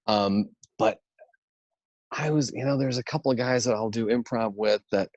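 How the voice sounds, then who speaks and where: A male improv teacher is guest on a podcast. He laughs easily and tells rambling stories in a lowish voice. The sound is dry and close. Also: a little mellow, dry recording. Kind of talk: casual podcast chat.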